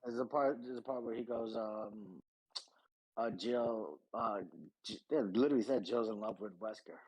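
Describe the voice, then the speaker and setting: A man's voice: fairly low pitch, moderate pace, darkish tone, breathy edge, low-quality recording. A man hosting a casual gaming podcast, rambling and profane, with lots of restarts. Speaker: podcast host.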